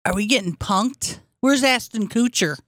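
A woman's voice: fairly high pitch, moderate pace, no echo, studio quality. A woman with a lisp co-hosting a comedy podcast, joking casually and slipping into impressions. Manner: animated, jokey, slips into impressions. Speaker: podcast co-host.

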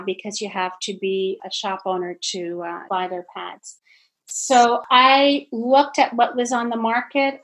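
A woman's voice: on the high side, rough recording. A middle-aged woman from Canada, a business founder, talking as a guest in a podcast interview and telling stories animatedly. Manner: animated storyteller, acts out phone chats with friends.

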